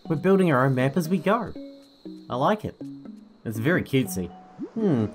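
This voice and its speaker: A man's voice: mid-range voice, sing-song, moderate pace, long pauses. Brief: easygoing male gaming host, let's play chatter, faint music underneath. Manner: laid-back, chatty, thinking aloud.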